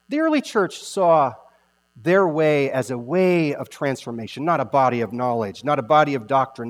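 A male pastor preaching a sermon, emphatic, repeating key phrases and slowing down to stress them. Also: on the high side, in a large hall.

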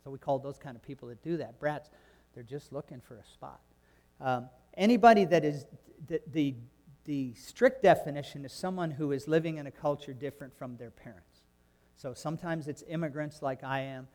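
A man from Canada preaching a sermon, swinging between soft asides and loud, emphatic exclamations. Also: fairly high pitch, normal speed, big-room sound. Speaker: pastor.

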